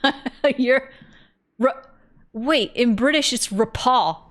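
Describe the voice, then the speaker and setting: A woman's voice: high-pitched, slow, fairly bright tone. A woman streamer chatting casually and rambling, giggling often and swearing freely while playing a game.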